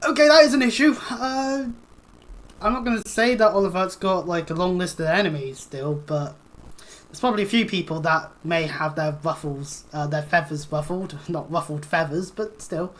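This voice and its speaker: A woman's voice: lowish voice, normal speed. A woman streaming a video game, chatting casually, joking and swearing freely as she plays.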